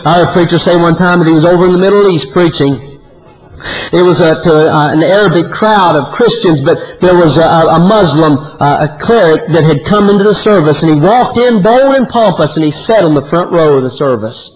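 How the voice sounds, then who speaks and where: High-voiced preacher, animated. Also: male voice, fairly quick, poor audio. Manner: animated preaching, often rising high and loud, then dropping low. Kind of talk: sermon.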